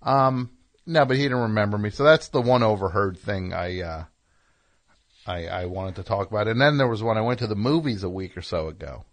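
A man's voice: lowish voice, brisk. A middle-aged man hosting a call-in radio show, telling rambling, wry, self-deprecating stories and chatting with callers. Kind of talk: casual monologue and call-in chat.

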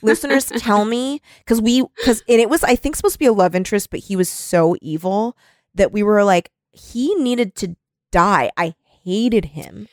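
A woman co-hosting a casual podcast, talking in an animated, profane way and laughing often. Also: mid-range voice, normal speed, dry recording, clean studio sound. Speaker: podcast co-host.

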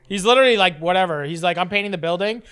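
A high, clear-voiced man co-hosting a podcast. He is loud and excitable, swinging from near-shouting to a put-on calm. The talk is casual and rambling. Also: very fast. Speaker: podcast co-host.

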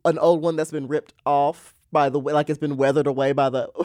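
A man co-hosting a podcast in casual chat, animated and laughing often, from a small country town. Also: on the high side, no room sound, clean studio sound. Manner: animated, laughs often, drawn-out emphatic talk. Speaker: podcast co-host, drag queen.

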